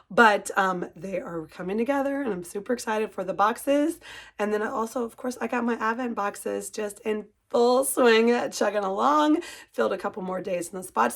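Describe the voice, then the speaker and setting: A middle-aged woman who runs a cross-stitch shop chats casually to camera in a fairly high voice with vocal fry. She gushes emotionally, tearful and holding back tears as she tries to compose herself.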